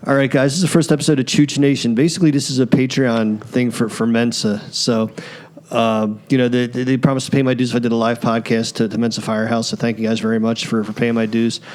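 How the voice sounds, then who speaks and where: A man hosts a casual podcast with profane, teasing banter. He talks quickly at a middling pitch. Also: little pitch movement, a little mellow. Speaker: podcast host. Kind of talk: casual chat.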